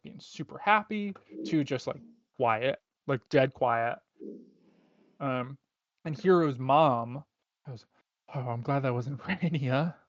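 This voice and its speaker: A man's voice: medium pitch, no room sound. A man narrating a tabletop game as game master, in a laid-back, rambling way with many fillers, heard on a dull, lo-fi recording.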